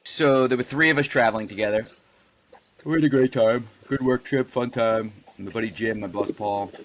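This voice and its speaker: A man's voice: mid-range voice, normal speed. A man co-hosting a podcast, telling a story casually, acting out the quoted dialogue and swearing freely. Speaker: podcast co-host.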